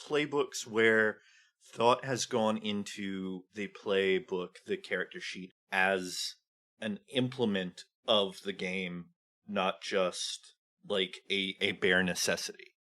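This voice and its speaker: A man guesting on a podcast talks casually about tabletop games, explaining game design thoughtfully and leaning on lots of "like" fillers. His voice sits low and is steady, slow, pushed, and bright.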